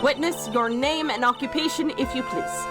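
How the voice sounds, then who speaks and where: A woman's voice: high-pitched, normal speed, pitched above the performer's own voice, natural voice. Woman playing a formal old male judge. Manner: formal, pronouncing. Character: fussy older male judge. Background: game music.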